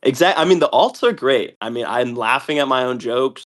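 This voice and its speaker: A young man hosting a live game stream, calling out the action excitedly and often tripping over his words with quick restarts. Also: mid-range voice. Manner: excitable, shouts and laughs often. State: a bit out of breath. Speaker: host.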